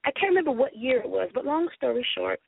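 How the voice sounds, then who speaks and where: A woman from Richmond, Virginia, a guest singer telling stories in a casual radio interview with lively energy. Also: high voice, fast, gravelly, slightly rough, no room sound. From Richmond, Virginia, USA. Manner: animated, acts out quoted voices. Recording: phone-like radio interview audio.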